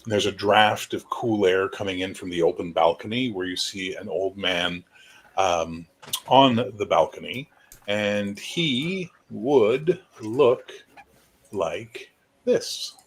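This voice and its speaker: A man's voice: lowish voice, slow, slight background noise. A man narrating as game master in a tabletop game, rambling casually with many fillers.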